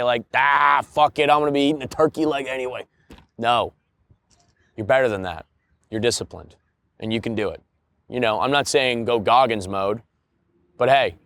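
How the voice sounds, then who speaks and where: With no room sound behind his medium-pitched voice, a young podcast host talks alone in a relaxed, casual way about self-care and his tour dates. Crude humor runs throughout, punctuated by loud bursts of mock-announcer impressions.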